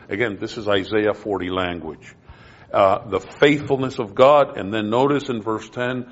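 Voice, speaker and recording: A pastor teaching a Bible passage in a sermon, stopping on phrases and repeating them for emphasis, sometimes rising in pitch with fervor. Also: male voice, slight background noise. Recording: dull lo-fi sound.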